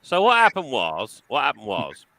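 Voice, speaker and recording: A man's voice: mid-range voice, wildly swooping pitch, normal speed, gravelly, sharp tone, no room sound. A man trading cheeky, teasing banter in a casual livestream chat.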